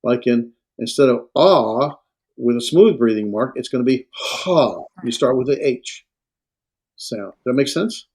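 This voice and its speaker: A man lecturing on Greek to a class, halting and full of fillers and self-corrections. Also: mid-range voice, darkish tone, slightly rough. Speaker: Greek instructor.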